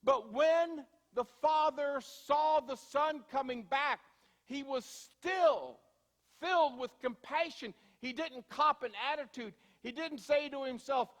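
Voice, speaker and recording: A man preaching a sermon as pastor in a church, telling everyday stories in a conversational way, slowing down to stress points and speeding through asides. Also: very high-pitched, fairly bright tone, long reverb tail. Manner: conversational storytelling, shifting from slow emphasis to quick asides. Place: church sanctuary.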